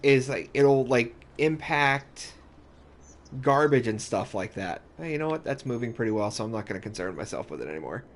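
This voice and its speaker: A man's voice: mid-range voice, sing-song, moderate pace, faint music behind. A man giving casual let's-play commentary, rambling and thinking aloud with restarts as he plays. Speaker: gaming YouTuber.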